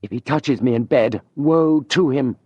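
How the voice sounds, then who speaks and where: A man's voice: medium pitch, measured pace, slightly rough, no room sound, dull audio, voice pushed up. A man voicing a wary, ambitious young man on a secret mission, in a tense, guarded voice. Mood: determined.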